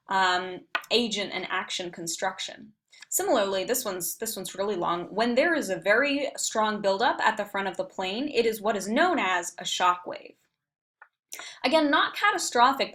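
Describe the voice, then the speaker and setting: A woman leading a recorded online writing workshop, explaining patiently and clearly with frequent fillers. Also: mid-range voice, a bit bright. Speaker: writing center instructor.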